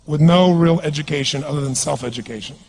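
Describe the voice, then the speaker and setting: A man's voice: a little high, quick pace, a little mellow. A man giving an intense, commanding motivational speech on stage and calling for responses from the audience. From California. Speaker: motivational speaker.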